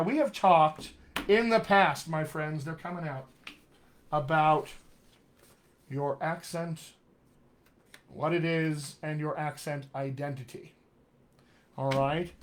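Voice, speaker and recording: Male dialect coach, General American accent with West Texas traces, slightly high voice, emphatic and friendly on a live stream. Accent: General American with West Texas and upstate New York traces. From Colorado, USA. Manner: friendly, emphatic teaching with frequent "all right" and "my friends". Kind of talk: live online accent lesson.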